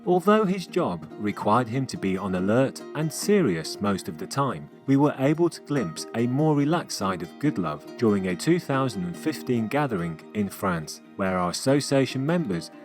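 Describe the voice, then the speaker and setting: A man reading scripted documentary narration in a measured, formal way. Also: medium pitch, big pitch swings. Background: guitar music.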